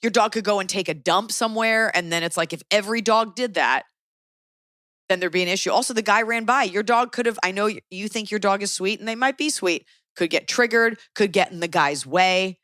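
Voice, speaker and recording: A woman hosting a podcast in casual chat, opinionated and animated, with quick asides. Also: mid-range voice, no echo, studio quality. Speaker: podcast host.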